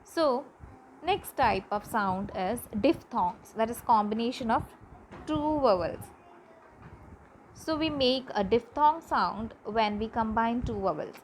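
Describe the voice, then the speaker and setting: Woman teacher, slow deliberate delivery, fairly high voice, faint noise behind. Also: low-quality recording. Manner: slow, careful, repeats example words. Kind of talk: classroom lesson on pronunciation.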